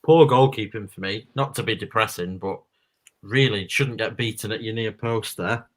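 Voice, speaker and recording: A man's voice: fairly low pitch, normal speed, slight background noise, low-quality recording. A man co-hosting a live football watchalong, chatting casually and grumbling about the play. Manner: grumbling, critical remarks. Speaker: co-host of a fan watchalong stream. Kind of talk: casual match chat.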